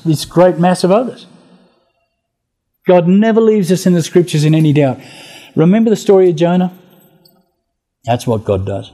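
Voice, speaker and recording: Male preacher, slightly higher voice, mellow tone, animated sermon storytelling.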